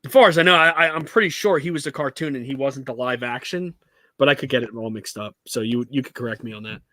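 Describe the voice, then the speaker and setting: A man's voice: medium pitch, fast talker, pushed and bright, no echo, clean studio sound. A young man co-hosting a casual podcast, laid-back, stammering and swearing. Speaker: podcast co-host. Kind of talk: casual banter.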